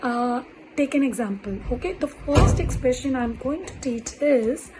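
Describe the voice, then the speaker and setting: A woman teaching French in an online lesson, speaking deliberately and repeating words with many fillers. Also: high-pitched, lively intonation, warm tone, slight background noise, rough recording.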